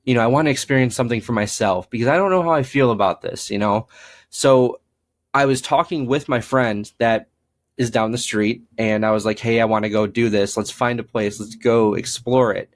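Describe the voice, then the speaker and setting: A young man talks through his ghost-hunting past in a loose, rambling way, full of "um" and "like." He slips into little voices when he quotes people. His pitch sits in the middle range for a man. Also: normal speed. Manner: rambling, frequent fillers, acts out quoted dialogue. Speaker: paranormal investigator guest. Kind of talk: casual storytelling interview.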